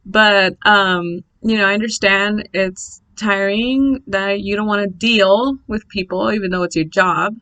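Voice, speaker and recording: Blunt, bright-voiced young woman telling a story. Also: mid-range voice, a little slow, hardly any pauses, clean tone, low-quality recording. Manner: blunt, swears freely, animated retelling. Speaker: vlogger telling a birth story. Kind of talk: casual storytime monologue.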